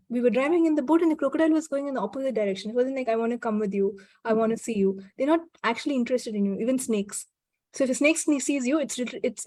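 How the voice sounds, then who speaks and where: A woman talks in an easy, reflective way, often restarting her sentences and laughing softly. Her voice sits a little high yet sounds mellow and warm. The recording is dry and close. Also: dry recording. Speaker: guest. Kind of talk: casual conversation.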